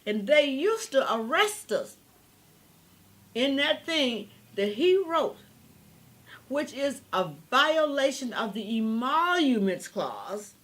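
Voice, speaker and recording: Rambling high-voiced older woman. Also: big pitch swings, slow, fairly bright tone. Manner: rambling, emphatic, preachy. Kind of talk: impassioned political monologue.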